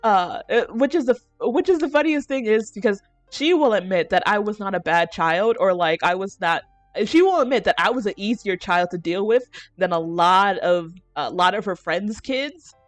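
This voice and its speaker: A young woman streamer rambles through childhood stories in a loose, giggly chat, now and then tossing in a curse word. Her voice sits in an ordinary middle range. It is recorded dry and close, with soft music playing underneath. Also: mid-range voice, lively intonation, normal speed, no room sound. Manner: rambling storyteller, laughs often, casual swearing. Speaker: VTuber streamer.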